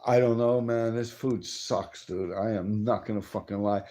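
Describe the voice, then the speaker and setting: A man's voice: fairly low pitch, steady tone, normal speed, mellow. A middle-aged man, telling profane street stories on a live stream. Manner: profane, streetwise, answers viewer chat. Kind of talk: casual rambling storytelling.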